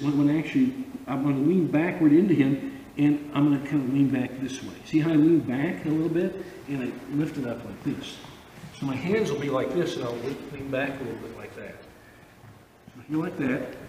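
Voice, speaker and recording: A man's voice: mid-range voice, normal speed, dark tone, distant mic, highs cut off, a little hiss or hum. Man teaching judo in an echoey hall. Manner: informal, repeats himself, frequent okay checks. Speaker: judo instructor. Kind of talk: instructional demonstration and commentary.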